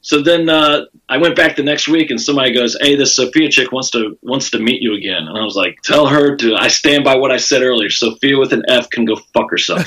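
A man's voice: mid-range voice, normal speed, rough recording. A man, a stand-up comedian, telling a profane story in casual chat and acting out the people in it with a raised voice. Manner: animated, profane, acts out quotes with raised voice.

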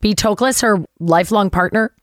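A woman actress telling a story as a guest in a chat interview, animated, acting out the voices of people she quotes and swearing casually. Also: mid-range voice, moderate pace, dry recording, clean studio sound.

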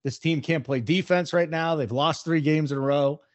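Brisk opinionated male sports host, dry slightly muffled recording. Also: fairly high pitch, no room sound. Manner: opinionated, brisk, talks betting odds. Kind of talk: casual sports radio chat.

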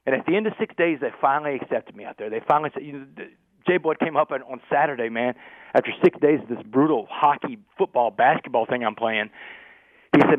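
A man telling a gripping personal story as a podcast guest, animated and peppering his talk with "man". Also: mid-range voice, dry recording. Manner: fast, animated storyteller, keeps saying "man". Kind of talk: storytelling interview. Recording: tinny phone-like line.

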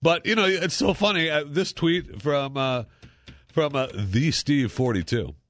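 A man's voice: a little high, unhurried, dry recording, clean studio sound. A man hosting a talk radio show, joking around in a casual monologue with lots of fillers. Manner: jokey, animated, lots of fillers. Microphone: studio microphone.

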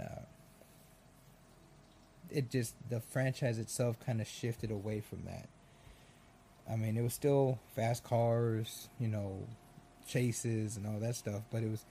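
A man's voice: medium pitch, warm tone, a little hiss or hum. A man ranting casually and sarcastically about movies, swearing and rambling.

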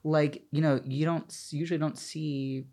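A man from the American South chats as a guest in a relaxed interview. He is animated and talkative, and he fills his sentences with "like" as he tells stories. His delivery is loose and conversational. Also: fairly high pitch, normal speed. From Southern United States. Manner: chatty, animated, full of "like" fillers. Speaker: guest, drag performer. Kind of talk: casual interview chat.

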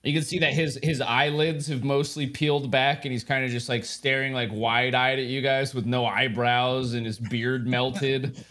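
A man runs a tabletop game, narrating scenes in a loose, rambling way with lots of fillers. His voice sits at an ordinary middle pitch. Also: little pitch movement, moderate pace, a bit bright. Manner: casual, rambling, filler-heavy, laughs easily. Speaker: game master.

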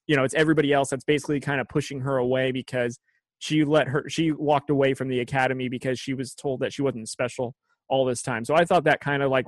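A man's voice: medium pitch, no room sound. A man casually discussing a TV episode, reflective and full of fillers like "you know". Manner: reflective, filler-heavy with many likes and you knows. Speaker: podcast co-host.

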